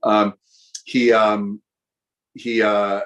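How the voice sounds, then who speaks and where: A middle-aged American man, a guest actor, telling lively anecdotes in a casual interview with frequent fillers. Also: fairly low pitch, extremely slow, muffled recording. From United States.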